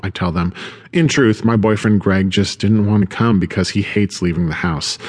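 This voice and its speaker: A man with a fairly low voice narrating a first-person audiobook story. His delivery is subdued and low-key. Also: normal speed, slightly rough.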